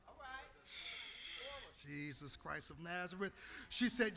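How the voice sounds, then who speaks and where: A male pastor preaching a sermon in a church, his delivery building into shouted, half-sung lines. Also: sits high, big pitch swings, slow, creaky, pauses often.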